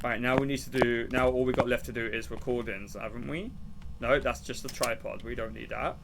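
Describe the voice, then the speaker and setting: A young man streaming a game, rambling and laughing as he plays, now and then shouting. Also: mid-range voice, steady tone, fairly quick, gravelly, background noise. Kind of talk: casual gameplay commentary.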